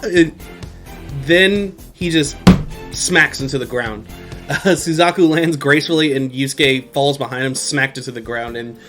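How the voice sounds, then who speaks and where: A man's voice: mid-range voice, normal speed, music in the background. A young man hosting a podcast, casually recapping an anime episode in a rambling, profane way and laughing often. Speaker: podcast host.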